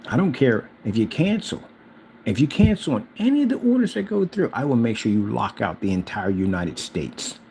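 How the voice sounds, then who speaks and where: A man hosting his own channel, ranting casually at the camera. He is boastful and challenging, swinging from loud calls to low mutters. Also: slight background noise. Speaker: channel host.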